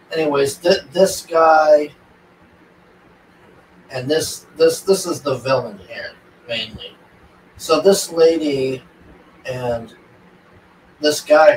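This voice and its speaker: A man casually recapping a movie plot for his viewers, rambling and swearing, with lots of "like" and "and all this". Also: mid-range voice. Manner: rambling, profane, heavy filler words. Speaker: vlogger reviewing a movie. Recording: roomy, distant mic with faint ambient noise.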